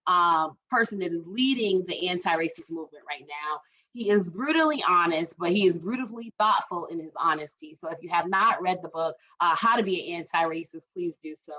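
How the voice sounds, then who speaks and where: A woman's voice: mid-range voice, a bit bright, lo-fi sound. A woman in her forties, a guest speaker at a community forum, talking casually and animatedly, with many fillers and "right?" asides. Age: 40s. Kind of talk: casual storytelling talk.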